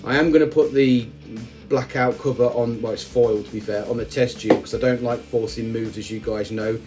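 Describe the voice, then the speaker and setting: A man's voice: medium pitch, steady tone, normal speed, over loud music. A man hosting his ant-keeping channel, giving a chatty, joking voice-over with frequent asides. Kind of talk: casual voice-over narration.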